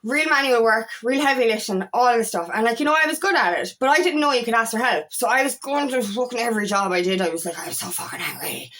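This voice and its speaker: A woman's voice: fairly high pitch, lively intonation, quick pace, few pauses, fairly bright tone. Emphatic, swearing woman coach. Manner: emphatic, swears freely, repeats phrases. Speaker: feminine empowerment coach. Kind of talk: motivational talk to camera.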